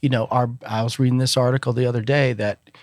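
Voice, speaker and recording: Man, middle-aged, rambling storyteller, dry close sound, medium pitch. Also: quick pace, no room sound. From Alabama, US. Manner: relaxed storytelling with many fillers. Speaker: musician guest. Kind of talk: casual interview chat.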